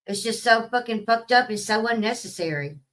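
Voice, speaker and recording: A woman's voice: on the high side, lively intonation, fairly quick, a bit bright, recorded from a distance, rough recording. A woman, talking in a blunt, profane, casual vlog rant and laughing at her own stories. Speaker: vlogger. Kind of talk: casual ranting monologue.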